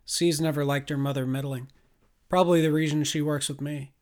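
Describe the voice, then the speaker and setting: A man voicing a small, nonchalant woman engineer who talks in a flat monotone. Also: low voice, brisk, close to an everyday voice. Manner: deadpan, detached.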